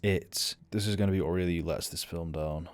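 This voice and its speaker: A man's voice: low-pitched, fairly even intonation, moderate pace. A young man giving sweary, offhand, sardonic commentary while reviewing a film. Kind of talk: casual reaction commentary.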